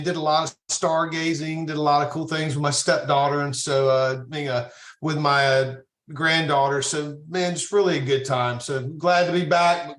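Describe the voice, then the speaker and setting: A middle-aged man from North Carolina, chatting as a podcast guest in a relaxed, rambling way. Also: a little high. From North Carolina, USA. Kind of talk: casual podcast chat. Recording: echoey room.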